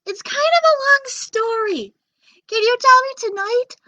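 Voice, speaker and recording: Chirpy storybook princess, very high and lively, voiced by a woman. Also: measured pace, dry recording, heavily acted. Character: bright high-pitched young princess.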